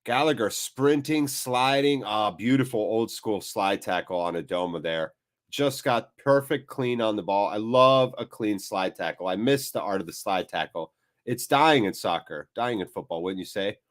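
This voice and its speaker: A man's voice: fairly low pitch, animated, moderate pace. A sniffly man hosting a live match watchalong, giving chatty play-by-play. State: sniffly from blocked sinuses. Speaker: host.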